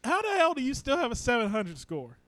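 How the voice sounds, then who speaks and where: A man co-hosting a comedy podcast in casual banter, animated and emphatic, often laughing. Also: very high-pitched, brisk, dry recording, low-quality recording. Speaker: podcast co-host. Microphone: studio microphone.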